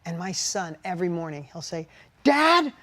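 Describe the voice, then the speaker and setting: On the podcast he shares with his wife, a middle-aged man speaks in a high voice at a fairly quick pace. He's candid, heartfelt and confessional, telling his stories with animation.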